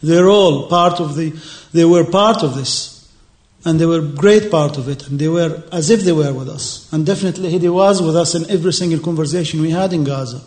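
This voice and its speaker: A man, giving an earnest, emotional public speech on a panel in halting, repeated phrases. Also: a little high, a little mellow. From Palestine. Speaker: activist speaker.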